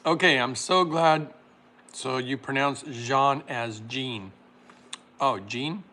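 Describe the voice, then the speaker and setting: A man hosting a casual livestream, reading chat comments aloud and laughing often while making a smoothie. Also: medium pitch, takes it slowly, pushed and bright.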